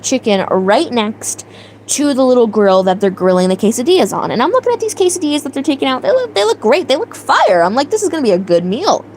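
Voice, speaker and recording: A young woman hosting a livestream, telling a story in a casual, animated way with mock outrage and laughter, answering her chat. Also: a little high, a little hiss or hum, poor audio. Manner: animated, exaggerated outrage, laughing, reads chat names aloud. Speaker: livestream host.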